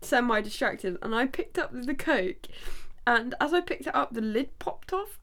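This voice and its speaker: A woman with a slightly high voice, chatting casually on a podcast. She is frank and quick to swear, and she often breaks into giggles between phrases. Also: expressive, fairly bright tone. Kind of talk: casual chat.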